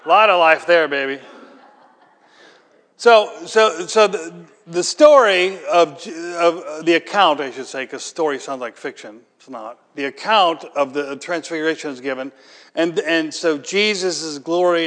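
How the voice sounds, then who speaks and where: A man's voice: on the high side, a bit bright, big-room sound. A man preaching a sermon as pastor, talking conversationally with rhetorical questions and building to emphatic peaks.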